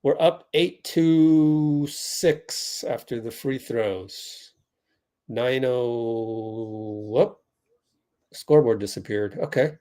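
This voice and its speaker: A young man from the Bay Area hosting a fan watch party, giving chatty live play-by-play that spikes with excitement on big plays. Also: mid-range voice, drawn-out words.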